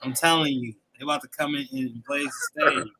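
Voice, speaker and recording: A man's voice: a little high, sing-song, fairly quick, vocal fry, a crowd in the background, poor audio. A man hosting a podcast, hyping up his guests in loose slang and asking them questions. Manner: hypes people up with loose slang. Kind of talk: casual podcast chat.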